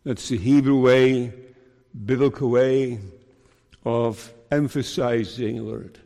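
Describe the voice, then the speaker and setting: A man preaching an earnest sermon as minister, with slow deliberate delivery and emphatic rises. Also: medium pitch, fairly even intonation, warm tone, long reverb tail.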